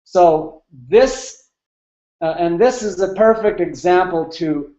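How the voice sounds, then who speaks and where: A man's voice: high-pitched, takes it slowly, warm tone, echoey room, lo-fi sound. A man in his thirties telling a candid, emotional personal story as an interview guest, with many fillers. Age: 30s.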